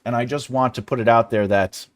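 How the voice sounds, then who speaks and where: Speaking fairly quickly at a medium pitch with fairly even intonation, a man in his forties hosts a casual chat with his viewers. He's rambling and jokey, laughing often along the way.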